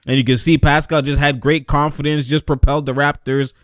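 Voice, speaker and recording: A young man talks over basketball highlights with loud, animated reactions and frequent bursts of laughter. His voice sits a little high for a man. The recording is dry and close, with no room sound. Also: brisk, no echo. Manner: animated, laughs often, shouts at plays. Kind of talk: excited reaction commentary.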